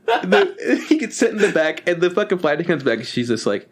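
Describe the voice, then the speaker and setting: A young man co-hosting a podcast in casual chat, rambling and swearing as he acts out scenes in quick put-on voices. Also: sits high, very animated. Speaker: podcast co-host.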